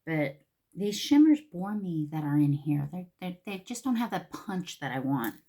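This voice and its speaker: A woman talks her way through a makeup look in a relaxed, chatty tutorial. Her voice sits a little low for a woman, and she often drops to a near whisper mid-thought before coming back up. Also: moderate pace. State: a little out of breath. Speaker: makeup vlogger. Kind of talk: casual makeup tutorial chat.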